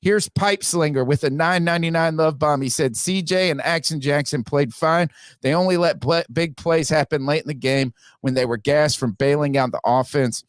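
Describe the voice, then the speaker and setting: A man's voice: a little high, moderate pace, no echo, studio quality. A man hosting a casual sports podcast, reading out viewer donations and giving blunt opinions with frequent restarts. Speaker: podcast host.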